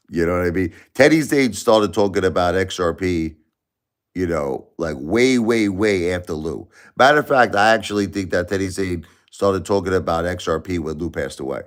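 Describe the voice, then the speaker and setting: Deep-voiced man rambling on a live stream. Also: lively intonation, normal speed. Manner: rambling, repeats himself, talks to chat by name. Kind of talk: casual late-night live stream chat. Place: home at night, family asleep.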